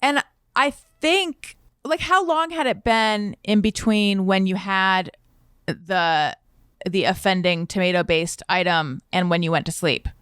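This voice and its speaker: A woman hosting a podcast in casual chat, chatty and quick to chime in. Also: mid-range voice, a bit bright, clear, resonant tone, dry recording, studio quality. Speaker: podcast host.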